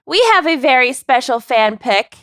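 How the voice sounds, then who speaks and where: A woman's voice: high-pitched, expressive, moderate pace, a bit bright, dry recording, studio quality. A woman with a Minnesotan accent co-hosting a podcast in casual, laughing banter. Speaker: podcast co-host. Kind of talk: casual chat.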